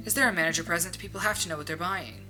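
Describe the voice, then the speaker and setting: A reader voicing a fussy, formal older gentleman complaining in a shop, over music. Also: mid-range voice, very fast, natural voice. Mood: indignant. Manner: pompous, formal.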